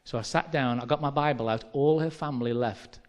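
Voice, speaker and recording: A man from England with a Midlands accent, preaching a sermon as a lively conversational story with quoted dialogue. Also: mid-range voice, brisk. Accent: English Midlands.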